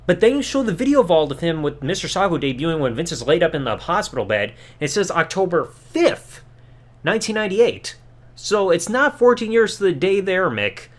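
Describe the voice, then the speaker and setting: Sarcastic podcast host, man, lively swooping delivery, fairly high voice, swears a lot. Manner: sarcastic, animated, swears freely. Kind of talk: casual episode review.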